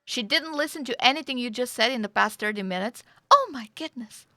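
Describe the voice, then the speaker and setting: A chatty woman with a high voice, streaming a roleplay game and talking in a casual, excitable way. Her tone is bright and edged, with a gravelly catch underneath, heard close and dry through a headset mic. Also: fast, no room sound. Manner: chatty, excitable, swears freely, laughs often.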